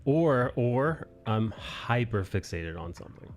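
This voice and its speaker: A man's voice: mid-range voice, lively intonation, slow pace. A man hosting a live stream, chatting casually in a rambling way and laughing often. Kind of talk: casual chat.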